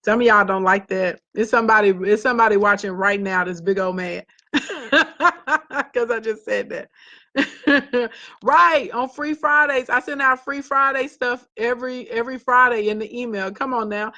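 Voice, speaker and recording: A woman's voice: on the high side, fairly quick, hardly any pauses, pushed and bright. A woman with a Southern US accent, a business coach talking bluntly and sassily to viewers in a casual live stream. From Southern United States. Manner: sassy, blunt and talkative.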